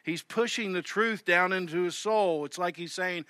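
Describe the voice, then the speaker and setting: A man with a Southern US accent preaching a sermon as pastor, swinging between loud emphasis and hushed asides. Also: high-pitched, moderate pace, hardly any pauses, dry recording, clean studio sound.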